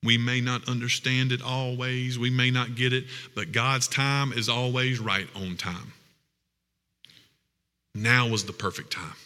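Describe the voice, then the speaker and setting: A male pastor preaches with earnest weight, stretching key phrases for emphasis. His voice is sharply bright and forceful, set at an ordinary pitch. It rings out through an echoey sanctuary with a long tail of reverb. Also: fairly even intonation, measured pace. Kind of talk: sermon.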